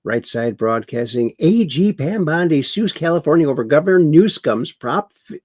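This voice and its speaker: A man's voice: mid-range voice, darkish tone, dry recording, studio quality. A man hosting a casual livestream, reading viewer comments aloud and mocking the news with chuckles. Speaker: livestream host.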